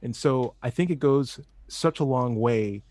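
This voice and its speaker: A man from California hosting a casual podcast, energetic, rambling and playful. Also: mid-range voice, a little slow, dry recording. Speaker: host.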